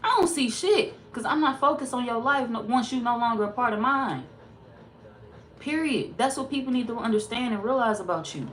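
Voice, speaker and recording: A woman's voice: a little high, brisk, a bit bright. Blunt, profane woman tarot reader. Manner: blunt, profane, sassy and emphatic. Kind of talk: casual tarot reading monologue.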